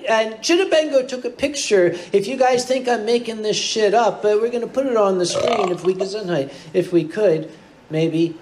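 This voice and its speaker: High-pitched man, hesitant rambling comic storyteller, faint room noise. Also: moderate pace. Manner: rambling, hesitant, self-mocking anecdote. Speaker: comedy panelist. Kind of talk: live convention comedy panel. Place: convention panel room with audience.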